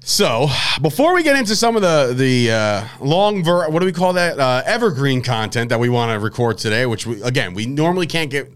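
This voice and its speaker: A young man hosting a casual sports podcast, rambling and animated, often breaking off mid-sentence. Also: mid-range voice, a little fast, few pauses, clear, resonant tone. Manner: rambling, animated, self-interrupting. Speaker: podcast host.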